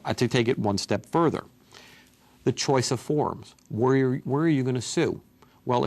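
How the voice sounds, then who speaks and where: A man, a consumer law attorney, explaining a legal question to viewers in a conversational way and walking through examples. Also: lowish voice. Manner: conversational, walks through examples, addresses folks.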